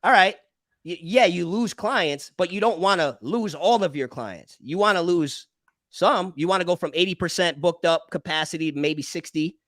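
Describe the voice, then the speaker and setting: A man's voice: high-pitched, moderate pace, a bit bright, no echo, studio quality. A man hosting a casual business debate, explaining step by step with frequent restarts. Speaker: podcast host and barber.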